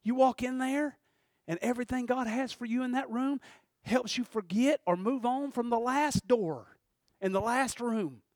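A man preaching a sermon, fervent and storytelling, swinging from shouted bursts to hushed passages. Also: extremely high pitch, normal speed, no room sound, clean studio sound.

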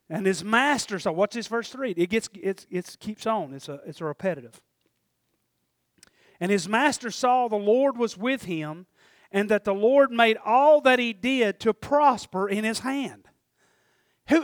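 A man preaching a folksy sermon, swinging from hushed asides to shouted points. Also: high voice, no echo, studio quality. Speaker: pastor.

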